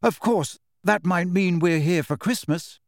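A man reading aloud, voicing a tired, grateful middle-aged mother who speaks weakly and softly. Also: fairly high pitch, big pitch swings, normal speed, dry recording, studio quality. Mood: warm. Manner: weak, tired and soft-spoken.

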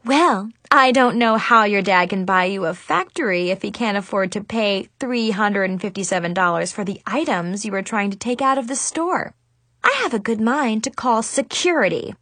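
A woman's voice: medium pitch, expressive, normal speed, a bit bright, dry recording. A woman voicing a snooty, condescending female store cashier in a story reading. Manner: sniffy, condescending.

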